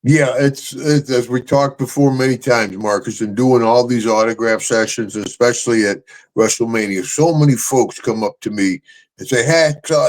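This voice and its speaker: A man's voice: mid-range voice, moderate pace. An older man, a retired wrestler hosting his own show, telling stories in casual chat, boisterous and laughing often.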